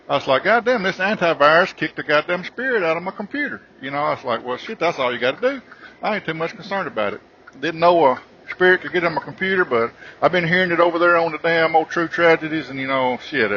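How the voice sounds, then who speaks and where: A man hosting a podcast, telling a comic story in a rambling, profane, animated way. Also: a little high, highs cut off, a little hiss or hum. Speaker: podcast host.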